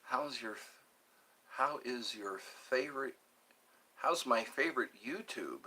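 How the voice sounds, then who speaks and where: A man's voice: mid-range voice, slow pace, bright, forceful tone, breathy edge. An older man hosting a casual livestream, reading viewer comments aloud and playing along with them. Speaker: livestream host.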